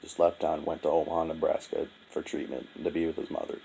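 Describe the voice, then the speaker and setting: Low-voiced young man confessing, halting. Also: little pitch movement, gravelly, mellow, a little hiss or hum, rough recording. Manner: halting, profane, full of restarts and fillers; subdued and heavy-hearted. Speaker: vlogger. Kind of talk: confessional storytelling monologue.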